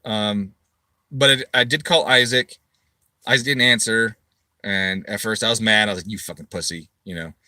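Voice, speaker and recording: Middle-aged male shop owner, casual storyteller; bright, punchy tone, dry close recording, swears freely. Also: on the low side, moderate pace, dry recording. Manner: animated, swearing, acts out his own quoted replies loudly.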